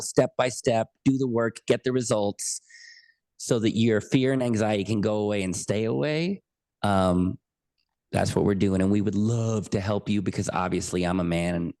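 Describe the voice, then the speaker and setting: A man's voice: mid-range voice, a little mellow. Middle-aged guy on a podcast, earnest and emphatic, keeps repeating his points, ordinary mid voice. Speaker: podcast guest. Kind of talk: conversational interview.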